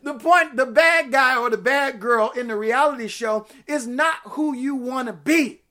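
A woman pastor preaching a sermon, talking in a lively and conversational way and turning to the congregation with playful asides. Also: high voice, unhurried.

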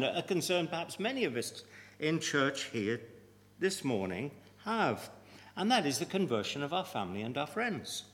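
A man preaching a sermon, deliberate and emphatic, with measured pauses. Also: on the high side, a bit bright. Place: church. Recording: long reverb of a church hall.

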